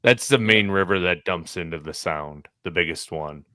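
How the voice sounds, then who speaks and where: A man's voice: low voice, normal speed, sharp tone, no echo, clean studio sound. A man on a fishing podcast panel, sharing research in a matter-of-fact way. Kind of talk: casual group chat.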